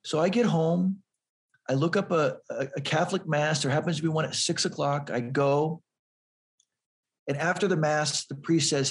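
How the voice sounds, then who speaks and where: A man's voice: fairly high pitch, normal speed. A man in an interview telling a personal story earnestly, often repeating words as he builds toward the point. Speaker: guest.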